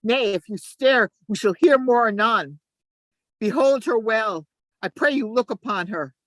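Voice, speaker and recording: A woman's voice: animated, measured pace, no echo. A woman reading a sly, scheming male ensign. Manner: shifts between urgent shouts and low asides. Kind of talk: amateur play reading.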